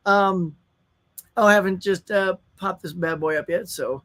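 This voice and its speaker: A man's voice: high-pitched, normal speed, long pauses, fairly bright tone. A middle-aged man from Colorado, hosting a casual live stream and chatting with viewers, often laughing. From Colorado, USA.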